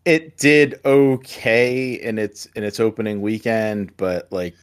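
A man hosting a casual movie chat, halting and repeating words as he starts sentences. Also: lowish voice, fairly even intonation, clear, resonant tone.

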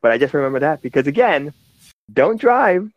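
A man's voice: on the high side, big pitch swings, normal speed, no echo. A man from New York City chatting casually as a podcast co-host, rambling with lots of restarts and fillers. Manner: rambling, many restarts and fillers, laughing storyteller. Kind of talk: casual chat. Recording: slightly dull lo-fi sound.

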